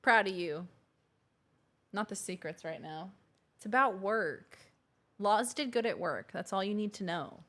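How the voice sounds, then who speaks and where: A woman's voice: mid-range voice, expressive, measured pace, pauses often, bright, forceful tone. A young woman casually joking and swearing while streaming a game. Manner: joking, profane, rambling.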